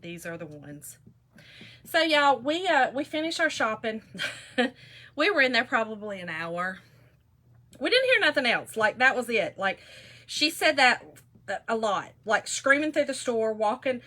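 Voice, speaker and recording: A woman's voice: a little high, measured pace. A woman telling a story casually to viewers while she works on a craft project. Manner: chatty, animated, addresses viewers as y'all. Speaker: craft vlogger.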